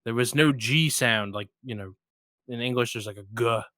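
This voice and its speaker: A man hosting a relaxed interview chat, his voice bright and forward and recorded close and dry. He rambles casually and jumps high and loud when he acts out a story. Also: moderate pace, dry recording. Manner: animated storyteller, rises high when retelling. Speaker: podcast host.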